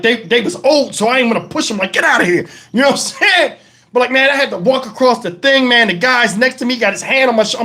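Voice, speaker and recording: A man hosting a live stream, telling casual profane stories and laughing along. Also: sits high. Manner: animated, profane, laughs through his stories.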